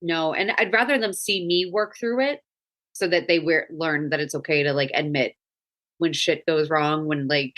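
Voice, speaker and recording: A woman's voice: low voice, moderate pace, fairly bright tone. A woman in her thirties hosting a podcast, a mother talking earnestly and reflectively, often restarting her sentences. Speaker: podcast host. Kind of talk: casual chat.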